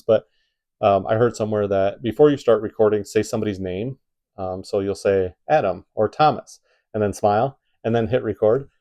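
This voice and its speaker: A man with a plain Midwestern accent talks straight to the camera from his home, handing out casual advice. His voice sits a little low and has a mellow, soft edge. He rambles, often stopping to restart a thought. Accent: Midwestern American. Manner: rambling, many fillers and restarts. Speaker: YouTube creator giving tips.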